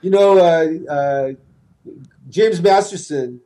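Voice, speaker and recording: Earnest therapist guest, man, slightly high voice with a mellow tone, emphatic advice. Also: takes it slowly. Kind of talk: interview conversation.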